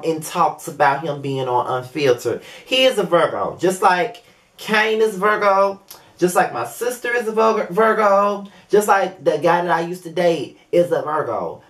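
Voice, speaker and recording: A young man giving a casual, profane review to the camera, his pitch swinging widely up and down as he gets worked up. He tosses in filler asides as he goes, and his tone stays chatty rather than scripted. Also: fairly bright tone. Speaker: show host reviewing a reality series. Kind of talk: casual video review commentary.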